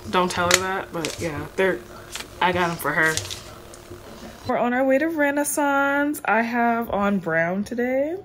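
A young woman from the United States chats to the camera in an unhurried, relaxed way, playful and quick to tease herself. Noise is clearly heard behind her voice. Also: fairly high pitch. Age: young adult. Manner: chatty, playful, self-teasing. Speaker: vlogger. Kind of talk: casual vlog chat to camera.

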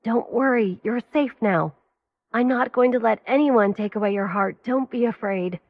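A protective older brother soothes his sister in a soft, coaxing voice, choking slightly on his words, as a woman reads him. The audio sounds dull and lo-fi. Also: a little high, normal speed. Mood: soothing.

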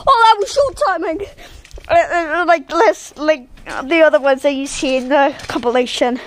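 A woman vlogging casually, giggly and excitable, laughing often as she talks. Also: sits high, moderate pace, slight background noise. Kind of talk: casual face-filter vlog. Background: background music.

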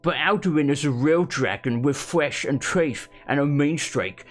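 A man reading an in-game book aloud in a put-on Essex accent, voicing a dim-witted, boastful male Nord author who lectures slowly and rambles. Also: on the high side, natural voice. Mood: lecturing.

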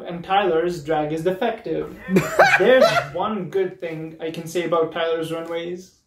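A man's voice: high-pitched, vocal fry. A drag performer from Serbia, a man, delivering a biting comedy roast with mocking punchlines and laughs, recorded on a distant mic. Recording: roomy, distant mic with faint noise.

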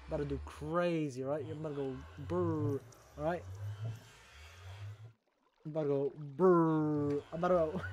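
A man's voice: fairly high pitch, measured pace, pauses often, a little mellow, a little hiss or hum. A young adult man streaming live, bantering crudely with his chat, laughing and teasing, with a sore throat.

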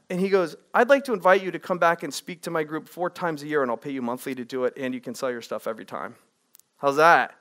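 Man, speaking coach, high voice, lively, quizzes the audience. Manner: energetic, asks the audience questions. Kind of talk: live workshop presentation. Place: room with a live audience.

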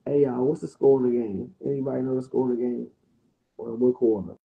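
A man's voice: medium pitch, fairly even intonation, brisk, vocal fry, narrow, tinny audio. A man with a Washington DC area accent hosting a livestream, roasting someone in a profane, mocking, rowdy rant. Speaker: livestream host.

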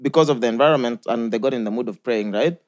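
A man's voice: mid-range voice, fast. A Kenyan man co-hosting a podcast, joking and playful in casual chat. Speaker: podcast co-host.

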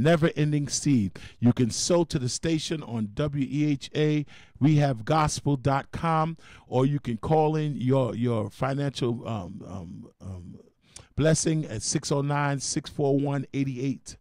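A man's voice: medium pitch, darkish tone, no echo, studio quality. A man who is a bishop preaching a storytelling sermon on gospel radio, with a folksy, dramatic style. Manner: folksy, dramatic preaching with repeated call-outs.

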